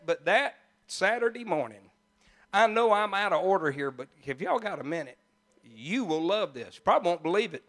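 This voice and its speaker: A male pastor telling a story in a sermon, in a folksy, animated way with joking asides. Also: sits high, moderate pace.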